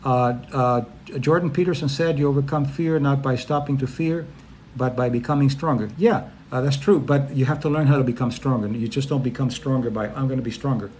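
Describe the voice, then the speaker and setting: A middle-aged male psychologist chats through viewers' questions in a live stream, at a mid-range pitch. He talks loosely and conversationally, now and then acting out little voices to make a point. A faint noise sits under the recording. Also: brisk, a little mellow. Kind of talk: casual live Q&A talk.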